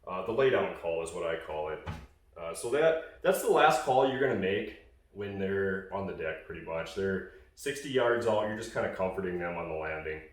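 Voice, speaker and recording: A man's voice: low voice, expressive, normal speed, very echoey, far from the mic. A man casually explaining goose calling in a hunting call tutorial, rambling with fillers and restarts.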